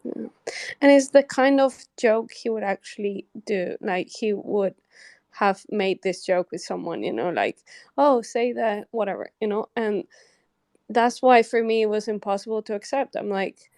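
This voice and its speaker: A woman's voice: medium pitch, animated, normal speed, a little mellow, dry recording, studio quality. A woman in a casual group conversation, speaking candidly and swearing now and then.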